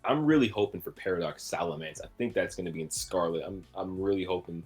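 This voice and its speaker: A man's voice: sits low, fast talker, darkish tone, slightly rough, soft background music. A man co-hosting a podcast in a casual chat, talking enthusiastically and rambling with fillers. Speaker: podcast co-host.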